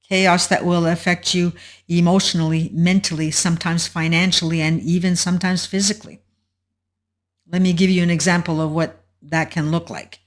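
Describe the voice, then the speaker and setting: A woman hosting a solo advice talk, explaining in a measured way and walking through an example step by step. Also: lowish voice, level tone. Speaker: host.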